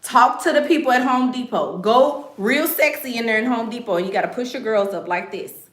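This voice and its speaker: A woman's voice: fairly high pitch, normal speed, a bit bright, reverberant. A woman hosting a casual livestream, giving blunt advice in a sassy, joking way and laughing often.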